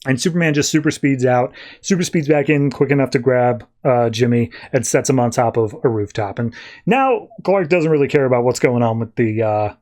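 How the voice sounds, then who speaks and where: A man hosting a podcast, casually recapping a comic issue and tossing off quick voiced lines for the characters. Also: mid-range voice, darkish tone. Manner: loose, chatty retelling with quick voiced asides. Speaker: podcast host reviewing comics.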